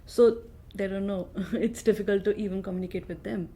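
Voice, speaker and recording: A woman's voice: mid-range voice, fairly even intonation, a little fast, mellow, breathy edge. A woman from India with an Indian accent, a native Hindi speaker, chatting earnestly as a podcast guest and laughing often. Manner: earnest, laughs often, many "like" and "you know". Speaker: staff writer, podcast guest. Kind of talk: casual chat.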